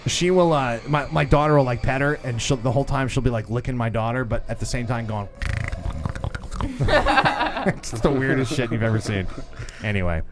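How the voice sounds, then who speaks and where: A man in his thirties co-hosting a podcast in a studio, a lively storyteller who swears freely and acts out the voices in his stories. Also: mid-range voice, fast talker, noisy background. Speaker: podcast co-host. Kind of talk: casual chat.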